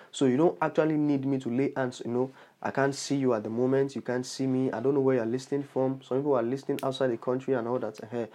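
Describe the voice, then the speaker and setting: A man with a mellow, mid-range voice preaches as a bishop on his podcast, delivering a sermon with an altar call. He leads a prayer earnestly, repeating phrases and exclaiming praise.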